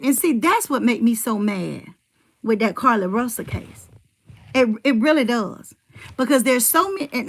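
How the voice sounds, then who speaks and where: A woman's voice: on the high side, creaky, fairly bright tone. A middle-aged woman rambling in casual livestream chat, telling family stories and answering her viewers' comments.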